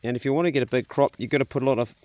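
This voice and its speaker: A man's voice: mid-range voice, racing, darkish tone, dry recording. Chatty New Zealand man in his garden. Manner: chatty, upbeat, talks to his animals. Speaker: homesteader vlogger. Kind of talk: casual vlog narration. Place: outdoor garden and homestead.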